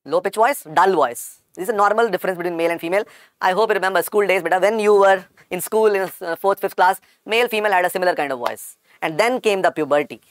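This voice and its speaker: Fast-talking croaky Indian man lecturing. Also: high-pitched, dry recording, studio quality. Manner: repetitive, calls students "beta". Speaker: medical teacher. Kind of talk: online lecture.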